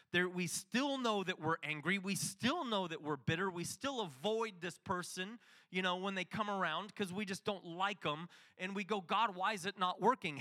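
A man's voice: high-pitched, sharp tone. A middle-aged man preaching a sermon, telling a story and acting out the dialogue.

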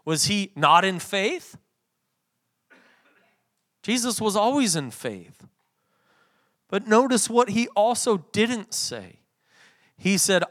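A man preaching a sermon, swinging from loud emphatic passages to soft, quiet readings. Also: high-pitched, very animated, slow pace, long pauses. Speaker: pastor.

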